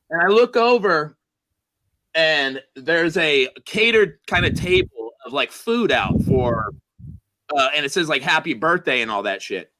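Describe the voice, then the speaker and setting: A man's voice: fairly high pitch, a little slow, rough recording. A man casually telling a long, rambling, profane story to friends on a comedy chat show. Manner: rambling, profane, animated retelling.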